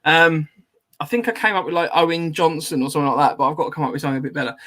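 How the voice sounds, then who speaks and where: A man tells a story on a podcast in loose, chatty talk, full of ums and little laughs. His voice sits a touch high and sounds bright and forward. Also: steady tone, very fast. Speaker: podcast host. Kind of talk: casual chat, anecdote.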